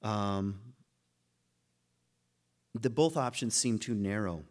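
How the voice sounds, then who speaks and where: A man's voice: lowish voice, takes it slowly, darkish tone. A man giving an informal philosophy lecture to a class, musing aloud, laughing at his own points and often restarting his sentences.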